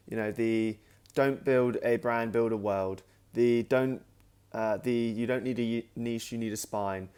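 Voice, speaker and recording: Man telling an animated anecdote. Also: mid-range voice. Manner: animated anecdote, acting out his own past remarks; loose, with frequent restarts and "like". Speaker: creator and host of his own channel. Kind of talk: casual storytelling to camera.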